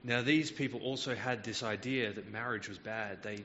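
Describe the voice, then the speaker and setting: A man's voice: on the low side, fairly even intonation, moderate pace, fairly bright tone, big-room sound, lo-fi sound, slight background noise. A man preaching a Bible teaching sermon, explaining verses patiently with frequent hesitant fillers.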